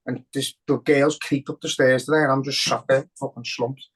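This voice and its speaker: A young man with a Scouse accent talks in a loose, sweary rant on a podcast. His voice sits at an ordinary middle pitch, and he sounds worked up as he rushes into his points. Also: fairly even intonation, fairly bright tone, husky. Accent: Liverpool. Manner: heavy swearing, emotional and ranting. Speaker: podcast co-host. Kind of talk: casual podcast chat.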